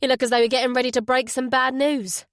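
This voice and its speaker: A woman's voice: high voice, flat delivery, fast, smooth, no echo, clean studio sound. A woman voicing a breezy, joking male friend in an audiobook. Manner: breezy, jokey.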